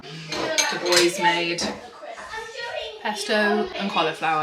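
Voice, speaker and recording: A woman in her thirties chatting casually to camera at home in a family vlog, reflective and talkative, with soft laughs. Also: on the low side, big pitch swings, takes it slowly, pauses often, very noisy. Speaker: family vlogger.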